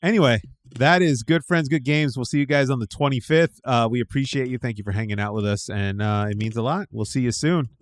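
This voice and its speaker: A man's voice: mid-range voice, fairly quick, no echo. A man hosting a casual gaming podcast, talking loosely with lots of fillers. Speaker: podcast host.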